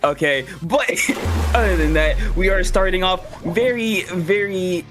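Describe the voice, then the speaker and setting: A man's voice: high voice, slow pace, music in the background. A man giving laid-back, joking color commentary on an online video game tournament. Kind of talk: esports commentary.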